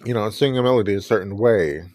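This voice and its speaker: A man's voice: on the low side, very fast, darkish tone, no room sound, clean studio sound. A man hosting his own podcast, talking earnestly and reflectively and often restarting his sentences. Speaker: podcast host. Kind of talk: personal podcast commentary.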